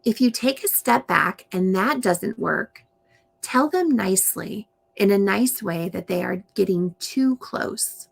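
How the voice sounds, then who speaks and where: A woman reading aloud and explaining to young children in a slow, gentle teaching manner. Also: mid-range voice, animated, vocal fry. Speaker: storytime reader and teacher.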